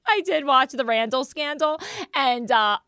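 A woman's voice: sits high, measured pace, bright, forceful tone, clean tone, no room sound, clean studio sound. A young woman hosting a podcast in a casual chat, rambling and laughing often as she talks. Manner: giggly, rambling, frequent laughs and self-interruptions. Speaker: podcast host.

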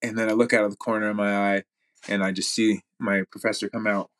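A man's voice: fairly low pitch, little pitch movement, fast talker, fairly bright tone. A man speaking as a podcast guest, telling a story in a rambling way with lots of fillers and restarts. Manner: rambling, many fillers and restarts, laughs while talking. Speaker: podcast guest, jiu-jitsu athlete. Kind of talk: casual storytelling.

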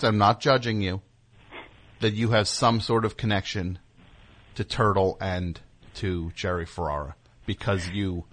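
A man's voice: low voice, fairly even intonation, measured pace, pauses often, a bit bright. A man hosting a talk show, rambling and riffing with sarcastic humor in casual banter. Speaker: radio show host.

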